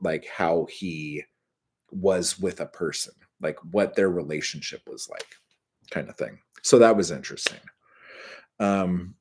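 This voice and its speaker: A man's voice: low-pitched, a little mellow. A man casually telling rambling, profanity-laced stories and answering his live chat, full of filler words.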